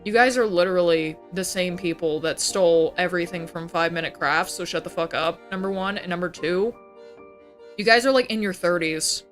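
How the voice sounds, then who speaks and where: Ranting at normal speed in a lowish voice, a young adult woman streaming as a VTuber gets heated and profane, breaking into mocking voices. The chat is casual, with faint music playing behind her.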